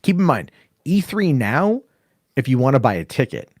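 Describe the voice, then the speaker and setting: Profane, animated male podcast storyteller. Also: mid-range voice, normal speed, dry recording, studio quality. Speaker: podcast host. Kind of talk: casual storytelling chat.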